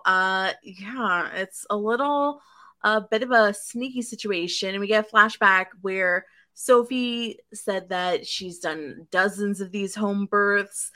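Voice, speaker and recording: A woman co-hosting a podcast, recapping a show in a chatty, animated way with lots of fillers. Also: mid-range voice. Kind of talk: casual chat.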